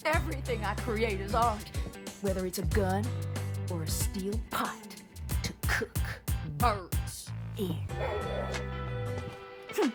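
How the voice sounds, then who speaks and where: A woman's voice: mid-range voice, takes it slowly, pauses often, over loud music, close to an everyday voice. Woman voicing a cocky Southern gunsmith. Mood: boastful. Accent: American Southern. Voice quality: slight twang. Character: cocky female gunsmith with a twang.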